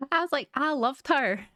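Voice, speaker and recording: A woman's voice: sits high, pushed and bright, dry recording, clean studio sound. A young woman, recapping a show in a chatty, rambling way with lots of fillers. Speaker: reaction channel host. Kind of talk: casual reaction recap.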